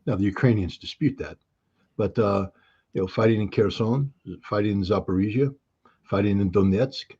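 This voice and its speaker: A man's voice: fairly low pitch, moderate pace, warm tone, slightly rough, muffled recording. A man speaking as an interview guest, blunt and sardonic in casual talk. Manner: blunt, sardonic, with short laughs.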